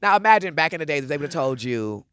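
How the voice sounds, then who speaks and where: A man's voice: a little high, sing-song, quick pace, a bit bright, clean tone, dry recording. A man co-hosting a podcast in casual chat, teasing and playful, asking lots of follow-up questions. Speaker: podcast co-host, drag queen.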